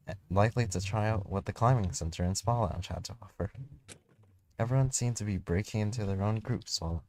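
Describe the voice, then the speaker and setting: A man reading a first-person visual novel story aloud, casually, with slips and restarts. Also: deep voice.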